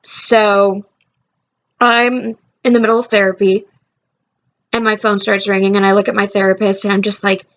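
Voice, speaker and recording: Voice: medium pitch, flat delivery, moderate pace, fairly bright tone. A young adult vlogger telling a personal story in casual, heartfelt chat, rambling with fillers and restarts.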